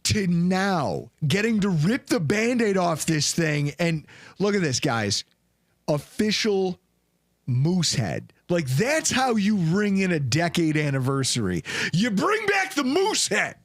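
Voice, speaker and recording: A man hosting a casual sports podcast. His voice sits high and swings widely as he tells stories with big bursts of energy. The sound is dry and close. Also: takes it slowly, no room sound. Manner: animated, loud storytelling with big pitch swings. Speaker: podcast host.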